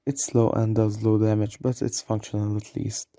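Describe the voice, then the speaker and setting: Man, low mellow voice, monotone, game tier-list commentary, dry close mic. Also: normal speed, creaky, no echo. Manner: self-deprecating, apologetic asides. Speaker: gaming video creator.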